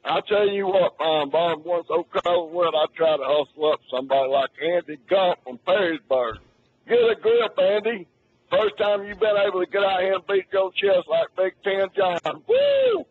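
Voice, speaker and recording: A man's voice: high voice, normal speed, no room sound. A man calling in to a radio show, teasing and boisterous with a drawl. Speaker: radio caller. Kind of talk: phone-in banter. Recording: tinny phone line with faint noise.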